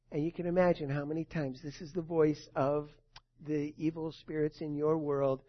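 A male pastor preaching a sermon in an earnest way, moving between soft and emphatic. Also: on the high side, level tone, moderate pace. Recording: dull lo-fi recording.

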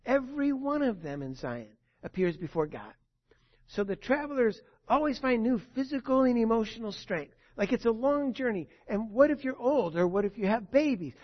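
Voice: medium pitch, lo-fi sound. A preacher giving a sermon, telling a story with emphasis and asking the listeners rhetorical questions.

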